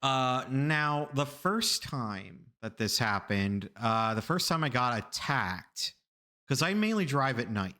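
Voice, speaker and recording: Animated rambling man with a bright voice. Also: slow. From Florida, USA. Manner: animated, rambling, repeats himself, laughs often; acts out the people in his stories with sudden high loud bursts. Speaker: streamer telling stories. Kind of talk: casual storytelling to a live chat.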